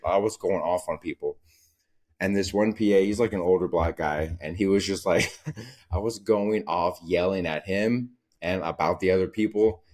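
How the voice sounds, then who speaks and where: Young man ranting on a podcast, low voice. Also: steady tone, moderate pace, darkish tone. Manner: profane, rambling, storytelling. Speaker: podcast host. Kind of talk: casual solo podcast rant.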